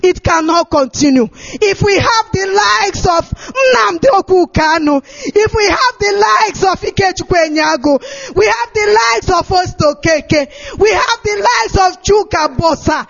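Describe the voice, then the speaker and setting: A man giving an impassioned political address, often shouting and pleading through tears. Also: very high-pitched, vocal fry. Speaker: activist speaker. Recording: dull lo-fi recording.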